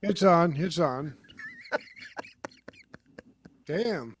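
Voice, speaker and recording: A man's voice: fairly high pitch, animated, very slow, very noisy. A man joining a casual live stream as a guest, trading crude, teasing banter.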